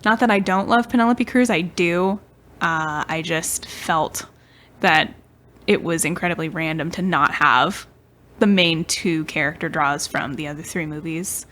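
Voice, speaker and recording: A young woman co-hosting a podcast tells a story in a casual, chatty way, often giggling and trailing off mid-sentence. Her voice is deep, a little slow, and a bit bright.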